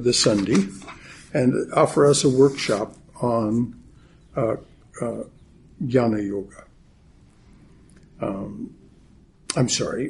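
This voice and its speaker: A man leading a chapel service, giving announcements in a halting way with many pauses and fillers. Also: mid-range voice, darkish tone, a little hiss or hum. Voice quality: gravelly and very husky. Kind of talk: sermon announcements. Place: chapel in Atlanta.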